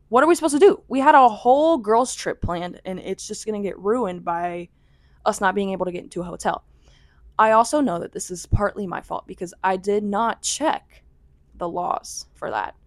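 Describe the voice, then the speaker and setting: A woman's voice: medium pitch, no echo. Young woman rambling through a story, lots of "like", dry close sound. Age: young adult. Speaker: vlogger. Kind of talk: casual storytelling.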